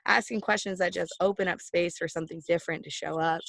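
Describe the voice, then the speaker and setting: A woman's voice: lowish voice, fairly even intonation, quick pace, creaky, fairly bright tone, dry recording. Woman podcast host, encouraging and reflective, dry close sound. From Texas, USA. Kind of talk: casual interview conversation.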